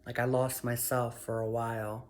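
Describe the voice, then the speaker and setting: Heartfelt woman with flat, steady pitch. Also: normal speed. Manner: emotional, heartfelt, repetitive affirmations. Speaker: vlogger. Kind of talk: personal storytelling vlog.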